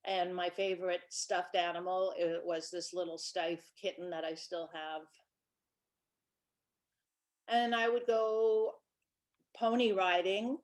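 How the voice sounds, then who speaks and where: A woman in her sixties, a children's book author, chatting through stories from her life in a relaxed presentation. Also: on the low side, slow pace, pauses often. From Brooklyn, New York. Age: 60s. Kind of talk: casual storytelling presentation.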